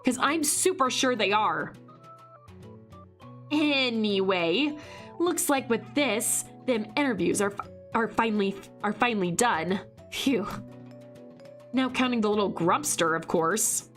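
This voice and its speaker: A woman's voice: fairly high pitch, expressive, slow pace, pauses often, fairly bright tone, soft background music. A woman reading a wry, slangy young detective. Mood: wry, suspicious. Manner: sarcastic, slangy, suspicious. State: hoarse. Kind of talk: reading visual novel narration aloud.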